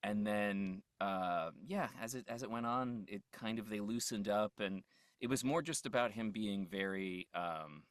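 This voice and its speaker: A man's voice: on the low side, measured pace, no room sound. Man, voice actor guest, casual rambling talk, frequent laughs, dry close sound. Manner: loose and rambling, laughs often, trails off mid-thought. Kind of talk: casual interview chat.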